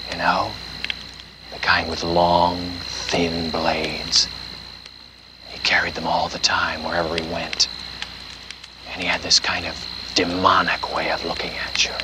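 A man voicing a gruff campfire storyteller in a put-on accent, telling a camp legend in a low, hushed manner that keeps slipping into whispers. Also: little pitch movement, takes it slowly, long pauses, background noise. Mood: ominous. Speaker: podcast co-host.

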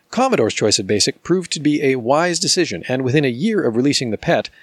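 A man reading a nonfiction book aloud as podcast host, in steady, measured scripted narration. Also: mid-range voice, no echo.

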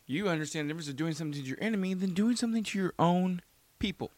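Man, somewhat high voice, dry close sound, heated casual rant, rambling with fillers. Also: very fast, darkish tone, dry recording.

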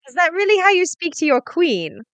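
A woman's voice: very high-pitched, fairly quick, no room sound. A woman playing a tabletop game, teasing and playful, acting grand and regal in character. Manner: lively, teasing, regal play. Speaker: player. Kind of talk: casual tabletop play.

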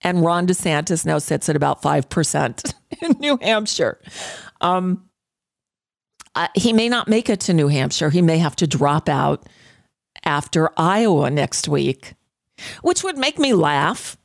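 A woman's voice: sits low, very animated, unhurried, gravelly, pauses often, no room sound, clean studio sound. A woman hosting a radio talk show, giving a blunt, profane, sarcastic political monologue with frequent fillers and restarts.

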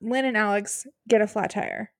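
A woman's voice: medium pitch, steady tone, moderate pace, no echo, studio quality. A woman co-hosting a podcast, agreeing and thinking aloud in casual chat. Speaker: podcast co-host.

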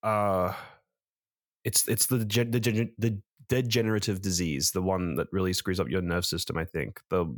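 A rambling man with a lowish voice talks films with a co-host. He trips over his own sentences and swears casually. The sound is close and dry. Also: steady tone, moderate pace, dry recording. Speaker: podcast co-host, film reviewer. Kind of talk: casual review chat.

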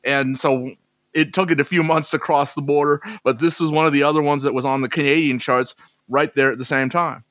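A man's voice: on the high side, fairly even intonation, a little fast, fairly bright tone, no room sound. A man co-hosting a podcast, chatting casually about old chart songs with asides. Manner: chatty, conversational, trails into asides. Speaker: podcast co-host.

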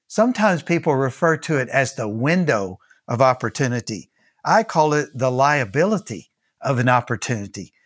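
A man with a Texan accent preaching an earnest devotional sermon as pastor, repeating key phrases. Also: on the high side.

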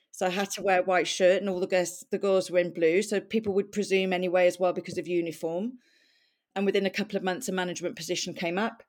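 On a podcast, a Welsh woman in middle age chats openly about her life, laughing frequently as she tells her story. Her voice sits on the low side and sounds a little mellow.

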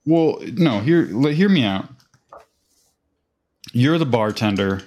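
A man's voice: medium pitch, lively intonation, slow, a little mellow. A man casually telling a profane, rambling anecdote on a chat podcast, acting out quoted voices. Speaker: podcast host.

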